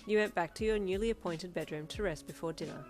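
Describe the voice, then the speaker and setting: A woman narrating a fan fiction story in an expressive second-person reading. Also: fairly low pitch, quick pace, faint music behind. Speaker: audiobook narrator.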